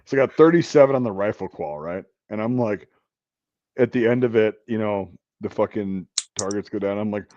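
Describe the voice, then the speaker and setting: A man casually telling army stories with lots of swearing, acting out a drill sergeant's shouts. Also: on the low side, moderate pace, dry recording, dull audio. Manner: profane storytelling, acts out drill sergeant shouts. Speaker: podcast host. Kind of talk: casual chat.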